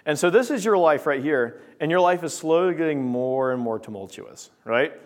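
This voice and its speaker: A man preaches a sermon built around an object lesson and talks directly to his congregation. His delivery is animated and conversational. His voice sits somewhat higher than most men's. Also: normal speed.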